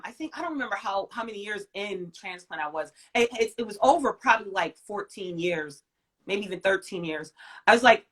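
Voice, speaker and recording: A woman in her forties, a guest in an interview, telling a personal story in an emphatic way, swinging from loud to soft. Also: mid-range voice, lively intonation, moderate pace.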